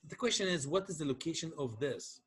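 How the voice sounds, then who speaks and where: Man lecturing with a husky voice. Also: a little high, lively intonation, brisk, fairly bright tone. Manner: explains step by step, asks checking questions. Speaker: engineering lecturer. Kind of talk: classroom lecture.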